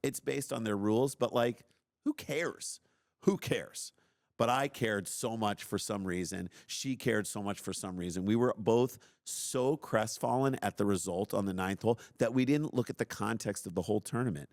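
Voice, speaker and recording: A middle-aged man hosting a podcast, telling a personal story in an animated, self-deprecating way and acting out his own outbursts. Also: lowish voice, moderate pace, hardly any pauses, dry recording, clean studio sound. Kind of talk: casual storytelling.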